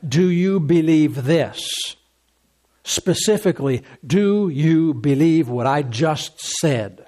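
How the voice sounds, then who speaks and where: A man's voice: fairly high pitch, expressive, slow pace, dark tone. A man preaching a sermon, emphatic and repetitive, acting out quotes from scripture as he goes.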